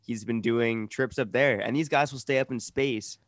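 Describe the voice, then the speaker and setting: A man from Canada co-hosting a casual podcast from home, relaxed and easygoing as he tells a story. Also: mid-range voice, moderate pace, no echo, clean studio sound. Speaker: podcast co-host. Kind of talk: casual chat.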